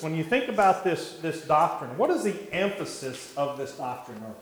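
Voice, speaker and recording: A man teaching a church Bible class in a measured way, with many fillers and restarts, asking the class questions. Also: on the high side, big pitch swings, reverberant, low-quality recording.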